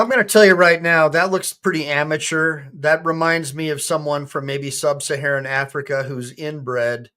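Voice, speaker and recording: A man's voice: medium pitch, sharp tone. A man, an attorney hosting a livestream, chatting casually in a rambling, joking and crude way.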